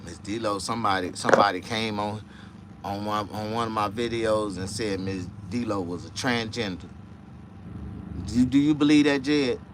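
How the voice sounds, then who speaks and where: A man hosting a casual livestream chat, rambling and profane, dropping to low mutters and jumping to high excited outbursts. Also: normal speed, noisy background. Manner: profane, rambling street talk. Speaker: livestream host.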